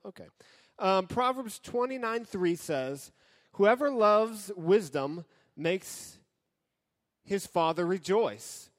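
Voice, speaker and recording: A man giving a casual, joking sermon as a youth pastor, talking straight to his audience. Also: high voice. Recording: hall with long reverb.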